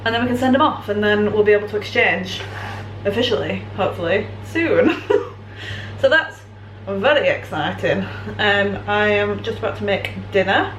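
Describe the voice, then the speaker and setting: A woman's voice: mid-range voice, animated, normal speed, slight background noise, low-quality recording. Chatty English woman vlogging at home. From England. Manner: chatty, self-mocking, giggly asides. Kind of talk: casual vlog chat.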